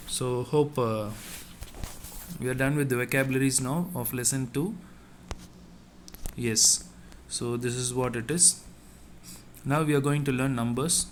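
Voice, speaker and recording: Slow-paced man teaching French vocabulary. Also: mid-range voice, slight background noise. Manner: slow, repeats each word several times. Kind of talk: online classroom lesson.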